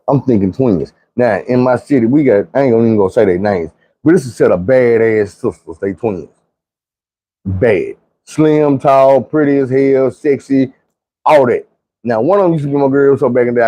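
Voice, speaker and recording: A man tells a rambling personal story in a laid-back, slangy, profane way, voicing the people in it himself. His voice is mellow and warm at a middle pitch. The sound is dry and close. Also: lively intonation, fairly quick, dry recording. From Arkansas, US. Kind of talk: casual storytelling.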